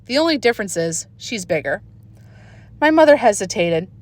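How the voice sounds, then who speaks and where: A woman's voice: mid-range voice, normal speed. A woman reading a children's book aloud expressively, recorded on a phone. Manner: expressive storytelling. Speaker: reader.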